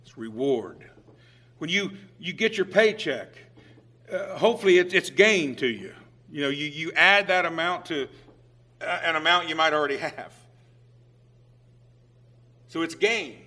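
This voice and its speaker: A middle-aged man delivers a sermon in a loose, conversational manner, stumbling and restarting, dropping low and then rising to emphatic points. His voice sits a little high and has a bright, forceful edge. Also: expressive, a little slow, pauses often. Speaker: preacher.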